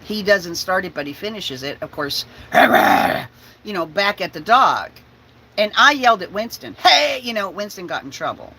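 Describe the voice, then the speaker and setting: A woman vlogger telling a lively story in a casual chat, laughing often and stopping to talk to her dog at home on her bus. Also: sits high, poor audio.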